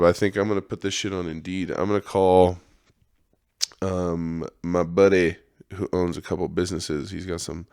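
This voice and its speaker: A man's voice: low voice, a little mellow, clean tone, dry recording, clean studio sound. A man hosting a podcast, talking in a rambling, profane monologue and laughing often. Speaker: podcast host.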